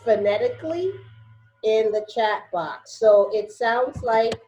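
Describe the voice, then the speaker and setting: Slow, patient woman teaching Spanish. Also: a little high, lively intonation, mellow, roomy sound, muffled recording, faint music behind. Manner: patient, drills pronunciation slowly syllable by syllable. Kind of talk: online language class. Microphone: video call.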